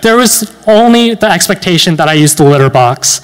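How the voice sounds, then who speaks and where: A young man around nineteen performing a stand-up comedy set with dry, deadpan delivery, pausing with fillers between lines. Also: high-pitched. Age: late teens. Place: university event hall. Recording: long hall reverb.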